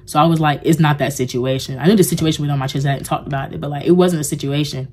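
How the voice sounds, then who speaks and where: Young woman vlogger with a low, deep voice, chatty and confessional, rambling with lots of "like". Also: steady tone, very fast, darkish tone, husky. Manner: rambling and heartfelt, heavy use of "like". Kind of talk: casual confessional vlog talk.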